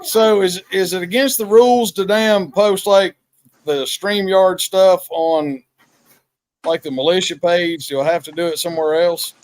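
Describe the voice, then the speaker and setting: A man's voice: high-pitched, fairly even intonation, unhurried, no echo. A man hosting a podcast as a casual live-stream chat. He jokes in a folksy, plainspoken way. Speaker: podcast host.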